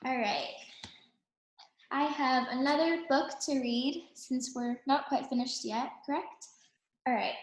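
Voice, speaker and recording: A woman teacher reading a picture book aloud to young children in a calm, clear storytelling manner. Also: high voice, takes it slowly, reverberant.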